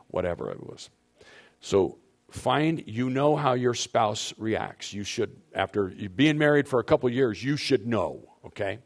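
A man's voice: mid-range voice, animated, moderate pace, vocal fry. A man leading a marriage seminar for couples, speaking emphatically and addressing the audience directly on a handheld microphone. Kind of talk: teaching talk to couples.

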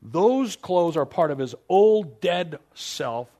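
A man's voice: fairly high pitch, expressive, slow, dark tone, voice pushed up. A male pastor voicing Jesus giving firm, emphatic commands in a raised voice. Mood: commanding. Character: commanding Jesus, adult man, urgent and kind.

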